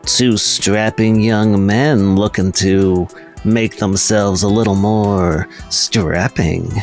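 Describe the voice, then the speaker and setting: A man voicing a small, flirtatious female bug-like shopkeeper in a tabletop game, with a playful, drawn-out delivery. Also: fairly low pitch, fairly even intonation, faint music behind. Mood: flirty.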